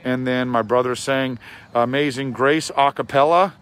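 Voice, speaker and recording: Hoarse man giving an earnest update. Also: medium pitch, fairly even intonation, normal speed, a bit bright. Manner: earnest, rambling, with many fillers. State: hoarse, scratchy voice. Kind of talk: casual video update. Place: outdoors in a city park.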